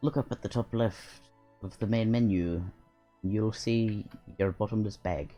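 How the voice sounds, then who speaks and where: A man's voice: on the low side, unhurried, mellow, soft background music, lightly acted. A man voicing a chatty, bossy little male fairy sidekick while reading a game aloud. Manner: lilting, bossy, slangy and matter-of-fact.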